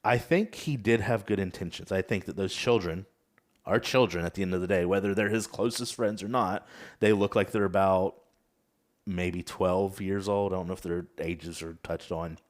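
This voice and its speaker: A man hosting a casual podcast discussion, recapping in a measured, thoughtful way with some hesitations. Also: on the low side. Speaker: podcast host.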